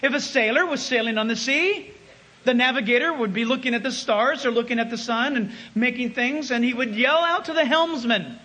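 A man preaching a sermon, emphatic, swinging between loud calls and hushed asides. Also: extremely high pitch, fairly quick.

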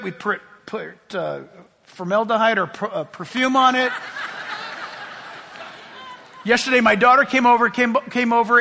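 Male pastor, high gravelly voice, bright tone, casual joking sermon, long church reverb. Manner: chatty storytelling with self-deprecating humor.

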